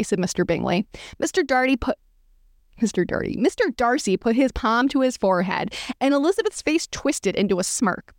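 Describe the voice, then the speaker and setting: A woman hosting a podcast, reading fanfiction aloud in a comic, dramatic style with deadpan asides and playful character voices. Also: medium pitch, brisk, no echo, clean studio sound.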